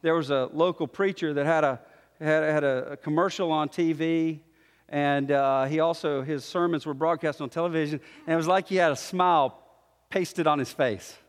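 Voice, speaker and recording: High-voiced preacher in a reverberant hall. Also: male voice, normal speed. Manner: animated, acts out quoted voices. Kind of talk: sermon.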